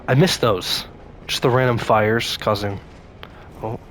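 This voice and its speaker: Give me a man doing casual gameplay commentary, jumpy and rambling, with steady noise behind him. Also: medium pitch, a little slow. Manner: jumpy, talks to himself, sudden scared outbursts. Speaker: gaming YouTuber. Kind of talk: casual let's-play commentary.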